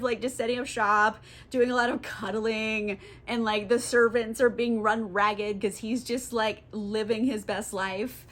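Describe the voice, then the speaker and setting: A woman's voice: fairly high pitch, a bit bright. A woman giving a casual, comic book summary, giggling often, swearing and saying "like" a lot. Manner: giggly, profane, lots of "like". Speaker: book vlogger.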